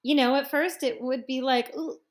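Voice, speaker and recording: A woman's voice: sits high, moderate pace, a loud crowd. A woman in her thirties, a massage and yoga therapist, chatting casually on a podcast and acting out her clients as she tells stories. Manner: animated storyteller, acts out clients' voices.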